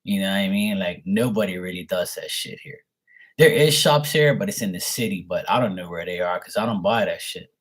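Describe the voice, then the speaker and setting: A man's voice: sits low, fairly quick. A man, a show host telling a story in a blunt, profane and amused way. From Bermuda. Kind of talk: casual storytelling.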